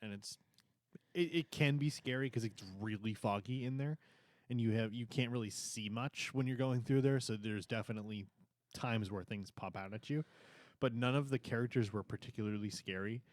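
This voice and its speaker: A man's voice: mid-range voice, moderate pace, no echo, clean studio sound. A young adult man co-hosting a casual review chat, enthusiastic and rambling, sometimes stumbling over his words. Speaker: co-host reviewing theme park events.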